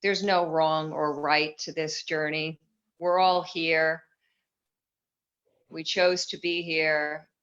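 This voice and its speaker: A woman with a lowish voice talks earnestly about inner healing as a guest, unhurried and encouraging. She is heard over a video call. The sound is dull and lo-fi. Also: flat delivery, fairly bright tone. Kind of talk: spiritual conversation.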